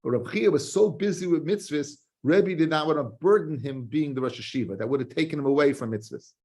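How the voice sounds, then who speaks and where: A man teaching a Talmud lesson, reading the text aloud and explaining it in quick, restarting spoken English. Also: on the high side, a little mellow. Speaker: rabbi teaching daily Talmud page. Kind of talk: Talmud lecture.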